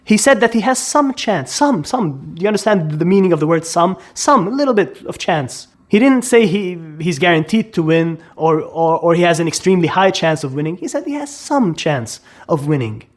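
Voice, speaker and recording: A man's voice: on the high side, expressive, moderate pace, hardly any pauses. Emphatic man explaining debate tricks. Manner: emphatic, rhetorical questions, repeats words for stress. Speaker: educator. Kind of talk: explanatory commentary.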